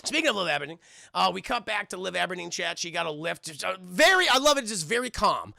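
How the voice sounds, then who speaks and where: A man streaming a casual TV episode review, talking excitably and profanely while addressing his chat. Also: sits high, fast, vocal fry, no room sound, studio quality.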